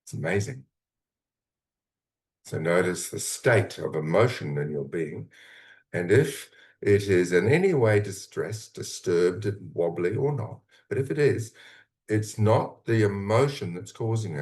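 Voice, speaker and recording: A man with a notably deep, low voice leads a guided meditation. He talks in a slow, calm, soothing way, breaking his thoughts into short phrases with long pauses. He sounds middle-aged. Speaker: mentor leading a guided meditation.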